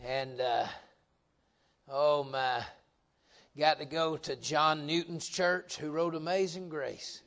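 A middle-aged man preaching a folksy revival sermon, joking with the congregation and swelling into loud emphatic bursts. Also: a little high, fairly even intonation, slow.

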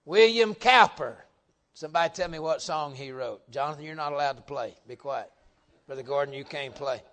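A middle-aged man preaching a folksy revival sermon, joking with the congregation and swelling into loud emphatic bursts. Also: mid-range voice, steady tone, fairly quick.

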